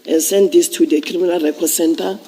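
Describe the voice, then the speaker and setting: A man testifying as a police officer at a commission hearing, explaining procedure in a measured way with some restarts. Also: a little high, steady tone, warm tone, breathy edge. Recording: long reverb of a large hearing room.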